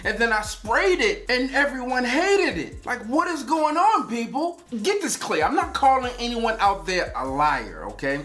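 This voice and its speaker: A man's voice: very high voice, big pitch swings, moderate pace, few pauses, pushed and bright. A man casually reviewing a fragrance on his vlog, joking and rambling through stories as he talks. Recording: roomy echo.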